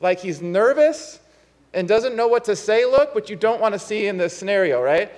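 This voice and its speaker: A high-pitched male pastor preaching in a church, his voice trailing off into a long reverb. He talks in a loose, chatty way and laughs at his own faults as he tells a story. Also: animated, normal speed, a little mellow. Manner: conversational, self-deprecating storytelling. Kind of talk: sermon with a personal story. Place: church sanctuary.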